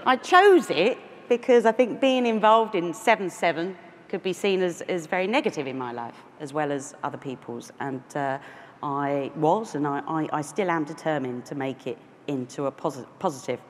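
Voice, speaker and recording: A woman's voice: deep voice, normal speed. A woman in her forties from London, with a London accent, giving a conference keynote full of self-deprecating asides and restarts. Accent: London English. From London, England. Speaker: keynote speaker. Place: large conference hall. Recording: echoey hall with faint noise.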